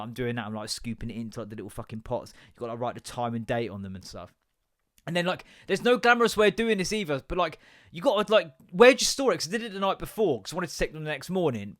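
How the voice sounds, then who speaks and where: A man in his thirties rants through his solo podcast, sweary and rambling, quick to laugh at himself. His voice sits at an ordinary pitch and is recorded dry and close with no room sound. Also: fairly bright tone, dry recording. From England. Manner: sweary, rambling, self-mocking. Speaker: podcast host. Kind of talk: casual solo podcast rant.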